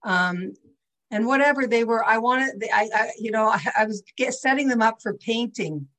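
This older woman's voice is a little high and fairly bright, moving at a moderate pace as she leads a video-call class. She chats and rambles with frequent asides, captured on a low-quality recording.

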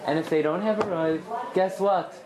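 A woman teaching a lively Talmudic lesson, acting out quoted voices and asking and answering her own questions. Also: lowish voice, normal speed, crowd noise. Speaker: Torah teacher.

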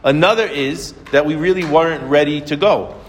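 Man giving a Torah lesson, slightly high voice, asks and answers his own questions, long hall reverb. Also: moderate pace, a little hiss or hum. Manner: questions and answers himself, lively. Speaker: Torah teacher. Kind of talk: Torah lesson on the weekly portion.

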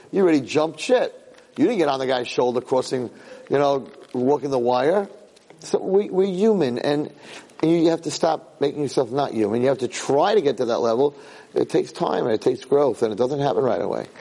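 A middle-aged man giving a Torah lecture as a rabbi, talking at a medium pitch. He tells personal stories with animated emphasis and often doubles back to repeat and restart his words. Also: rough recording.

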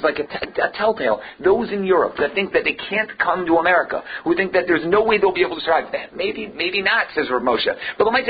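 A man's voice: high voice, slightly rough, highs cut off. A man teaching a Torah lecture emphatically, firing off rhetorical questions and using Hebrew and Yiddish terms.

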